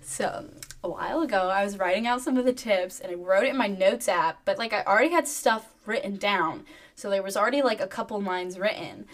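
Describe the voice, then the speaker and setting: A woman's voice: medium pitch, a little fast. A young woman co-hosting a podcast in casual chat, rambling with many fillers and self-mocking laughs. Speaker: podcast co-host.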